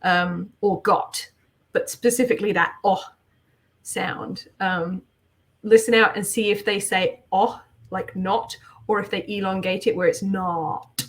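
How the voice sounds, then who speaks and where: A woman's voice: medium pitch, steady tone, a little slow. An English woman in casual chat on a group art stream, explaining things thoughtfully at length, with frequent ums.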